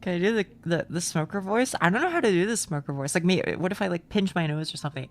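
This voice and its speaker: Low gravelly young woman streamer. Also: quick pace, hardly any pauses. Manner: chatty, excitable, swears freely, reads chat aloud. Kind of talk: casual live game streaming.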